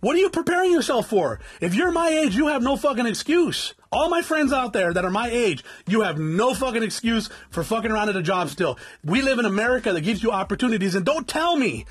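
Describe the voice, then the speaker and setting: This vlogger is a man in his forties from South Tucson, Arizona, delivering a blunt, lecturing motivational rant full of constant swearing and addressing viewers as "guys." His voice is extremely high with big pitch swings, fairly quick with few pauses, and slightly rough.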